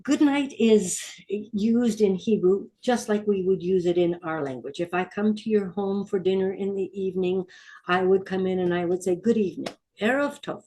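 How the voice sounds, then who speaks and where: A woman's voice: medium pitch, normal speed, warm tone. A middle-aged woman teaching a Hebrew vocabulary lesson, patiently repeating each word and asking listeners to say it with her.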